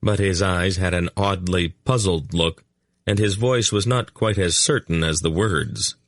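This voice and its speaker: A male audiobook narrator reading a story in an even, measured way. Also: low voice, no echo, clean studio sound. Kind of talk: scripted narration.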